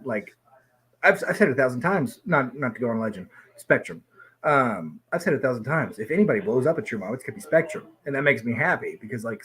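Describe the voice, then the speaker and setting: A man in casual podcast chat, tipsy, talking fast with lots of swearing and sudden excitable outbursts, often putting himself down. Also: mid-range voice. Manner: fast, profane, excitable, self-deprecating.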